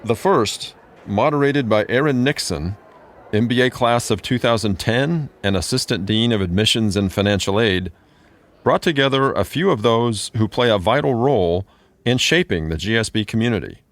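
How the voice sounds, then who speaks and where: A man giving scripted podcast narration in a measured, even delivery. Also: lowish voice.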